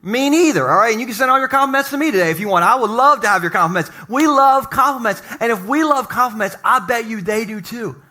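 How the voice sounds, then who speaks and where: A man's voice: very high voice, lively intonation, quick pace, few pauses, pushed and bright. A middle-aged male pastor giving a humorous, conversational sermon to his congregation in a church. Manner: joking, conversational, talks to the congregation.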